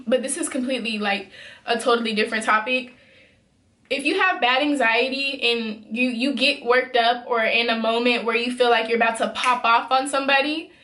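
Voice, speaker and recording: Young woman, high bright voice, emphatic storytime vlog. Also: echoey room. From Memphis, USA. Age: young adult. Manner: worked up, emphatic, talks straight to viewers. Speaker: vlogger.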